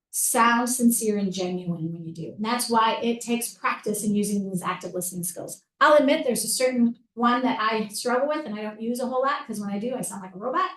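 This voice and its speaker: A middle-aged woman with a slightly high voice teaches a room in a plain, direct way. Her voice comes from a little off the mic and rings in a reverberant space. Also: recorded from a distance. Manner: practical and direct, addresses audience as "you guys". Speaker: crisis negotiator giving a legal training talk. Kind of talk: instructive presentation talk. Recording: roomy echo, voice from off-mic.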